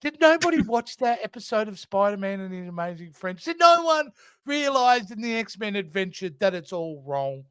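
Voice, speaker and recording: Australian man, podcast co-host, lively high pitch, dry close sound, exasperated and rambling. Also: moderate pace, smooth, dry recording. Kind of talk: casual podcast chat.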